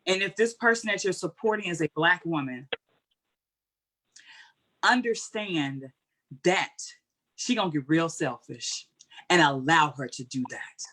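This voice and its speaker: Woman talking real candid and earnest in an interview, lowish voice, colloquial, tells it like a story. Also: normal speed, a bit bright. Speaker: guest speaker. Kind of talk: heartfelt conversational interview answer.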